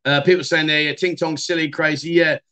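A man's voice: on the high side, fairly even intonation, brisk, pushed and bright, clear, resonant tone. A middle-aged man, hosting a casual livestream and chatting loosely with many fillers and restarts. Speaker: livestream host.

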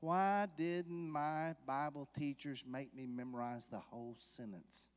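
A man preaching a sermon to a church congregation in a conversational way, putting questions to the listeners and rising to loud, emphatic peaks. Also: medium pitch, normal speed, few pauses, big-room sound. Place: church sanctuary.

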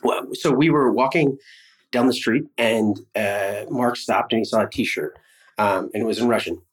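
A man as a podcast guest, talking in a thoughtful, measured way in casual conversation. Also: lowish voice, rough recording.

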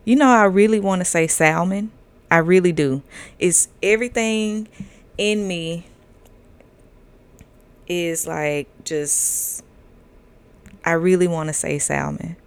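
A woman's voice: lowish voice, slow, long pauses, clear, resonant tone. A woman in her thirties hosting a casual podcast monologue, candid and profane, laughing often and drifting through fillers. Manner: loose drawling delivery with fillers. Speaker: podcast host.

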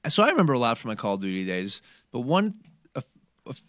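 Dry-sounding crude young podcast host. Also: male voice, mid-range voice, sing-song, quick pace, a bit bright, dry recording. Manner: crude, laid-back banter with many fillers. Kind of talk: casual podcast chat.

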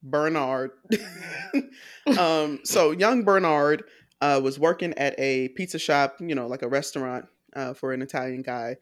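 A woman's voice: low voice, expressive, unhurried. A woman with a Southern US accent co-hosting a film review podcast, talking in a rambling, colloquial way and laughing often. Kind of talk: casual chat.

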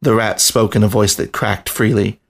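A man reading a story aloud on a podcast, narrating in a steady, even voice. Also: fairly low pitch, normal speed, creaky, breathy edge.

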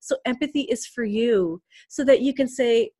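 A woman's voice: fairly high pitch, moderate pace, dark tone, breathy edge. A middle-aged woman hosting a parenting podcast from her home office, coaching listeners in an earnest tone and often checking in with "right?". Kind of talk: podcast monologue.

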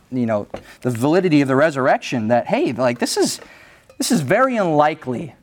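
A male pastor preaching a sermon in a conversational way, often restarting his phrases as he thinks aloud. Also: fairly high pitch.

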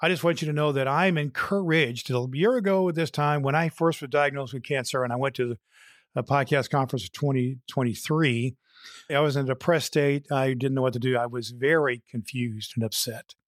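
A man's voice: medium pitch, brisk, dry recording, studio quality. A man hosting a podcast, giving earnest, motivational encouragement and telling a joke. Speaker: podcast host.

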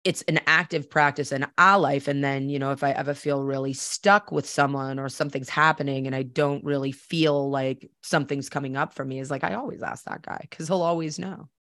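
A woman's voice: very deep voice, steady tone, a little fast, hardly any pauses, fairly bright tone, no echo, clean studio sound. Candid woman podcast host. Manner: candid and conversational, with frequent fillers. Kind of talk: personal storytelling podcast.

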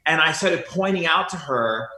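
A man talking earnestly in a spiritual conversation, telling stories with animated repetition. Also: on the high side, moderate pace, reverberant. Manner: earnest, animated storytelling, repeats phrases.

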